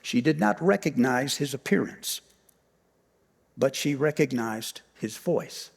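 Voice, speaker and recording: Slow-speaking pastor in a reverberant sanctuary. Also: male voice, mid-range voice, animated, gravelly, slightly rough. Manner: storytelling, swinging from loud emphasis down to near-whispers; repeats key phrases for emphasis. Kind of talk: sermon. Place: church sanctuary.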